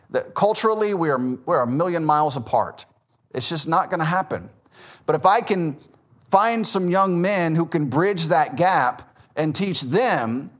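A man in his thirties, a pastor with a Southern American accent, preaching in a conversational sermon, correcting himself and laughing at his own stories. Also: fairly high pitch.

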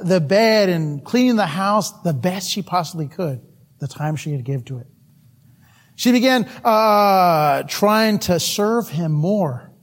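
A male preacher telling an animated story in a sermon, often laughing as he speaks. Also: high voice, slightly rough.

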